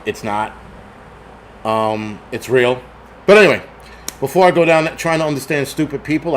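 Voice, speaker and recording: A middle-aged man hosting a live stream, ranting angrily with heavy swearing, reading chat, swinging between shouting and muttering. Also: medium pitch, slight background noise. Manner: angry, swearing, reads chat. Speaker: livestream host. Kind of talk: profane live-stream rant.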